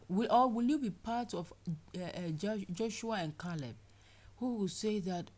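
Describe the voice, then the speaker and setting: A woman preaching a sermon, animated, acting out people's complaints in playful voices. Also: medium pitch, moderate pace.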